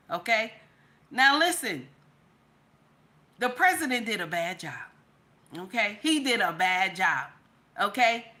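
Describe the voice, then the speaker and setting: A woman's voice: on the high side, bright, forceful tone. A young woman hosting a casual live-stream talk show, sassy and chatty, calling her viewers baby and honey. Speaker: podcast host.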